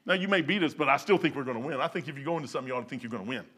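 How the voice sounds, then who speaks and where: An older man giving an informal sermon in a folksy, excitable way, breaking into loud outbursts. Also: medium pitch, very fast, husky. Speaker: preacher.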